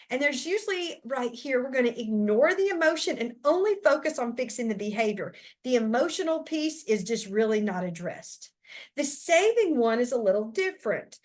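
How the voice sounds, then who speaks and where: A woman who trains teachers, giving a chatty, animated lesson talk and speaking straight to her listeners. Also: on the high side, normal speed.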